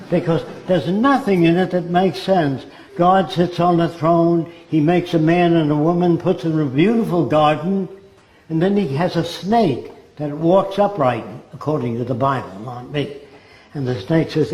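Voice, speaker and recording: A man whose voice is on the high side and a little mellow delivers a blunt, sardonic lecture-style monologue, peppered with rhetorical questions. Room echo is audible in the recording.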